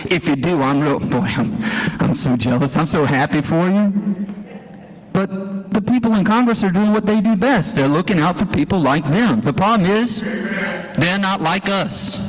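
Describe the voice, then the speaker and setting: A man's voice: sits high, moderate pace. A man, a school teacher, giving a folksy, impassioned town hall speech full of rhetorical questions. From Louisiana. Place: church hall, live audience. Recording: echoey hall, live stream.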